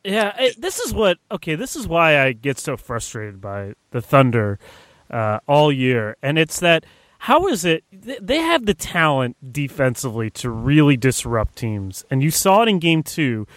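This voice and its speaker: A man's voice: a little high, huge pitch swings, moderate pace, a bit bright, no room sound. A man co-hosting a casual sports podcast, breaking down plays in an analytical way and often hedging with "I mean". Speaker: co-host and editor.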